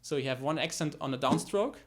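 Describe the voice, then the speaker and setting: With slight background noise, a guitar teacher speaks briskly in a fairly high voice over loud guitar playing. His technique explanation is full of fillers and restarts, and he counts beats aloud as he goes.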